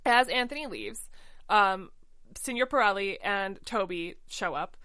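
A woman co-hosting a casual podcast chat, breezily retelling a plot with mock quotes and quick asides. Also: medium pitch, expressive, pushed and bright, smooth. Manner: chatty, quick paraphrasing with mock quotes and laughs. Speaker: podcast co-host. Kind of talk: casual chat recapping a musical.

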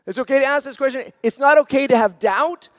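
High-voiced earnest pastor preaching. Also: male voice, a little fast, fairly bright tone, no room sound, studio quality, in a large hall. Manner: earnest, repeats phrases for emphasis. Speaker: senior pastor. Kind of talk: sermon.

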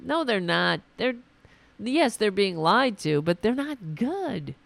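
A woman hosting a political podcast, delivering an indignant, scolding rant while her voice is going hoarse. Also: medium pitch, very animated, slow, no room sound. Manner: indignant, scolding, swears, talks to her dog aside. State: losing her voice. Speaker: podcast host. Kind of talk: ranting political commentary.

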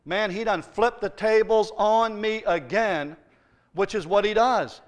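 High-voiced pastor telling stories. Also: male voice, a little slow. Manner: storytelling, lively and emphatic, with humour. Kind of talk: sermon. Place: church.

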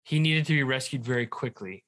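A man's voice: mid-range voice, fairly quick, a bit bright, a little hiss or hum. A man hosting a beer podcast in casual chat, joking and laughing often. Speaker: podcast host.

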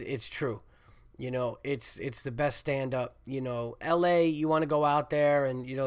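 A stand-up comedian who hosts a podcast delivers a rambling, animated solo monologue packed with fillers and swearing. His mid-range voice is congested because he is getting over a cold.

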